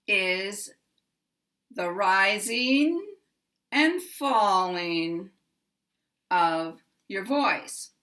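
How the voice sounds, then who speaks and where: An American woman teaches pronunciation slowly and carefully, setting out each rule deliberately and speaking her example sentences clearly. Her voice sits at an ordinary middle pitch and sounds pushed and bright.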